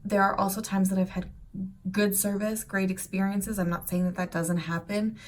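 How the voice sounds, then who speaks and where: A woman's voice: mid-range voice, little pitch movement, normal speed, slight background noise. Chatty woman talking from a distance. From United States. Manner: chatty, rambling with many fillers and restarts. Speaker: vlogger. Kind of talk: casual talk to camera.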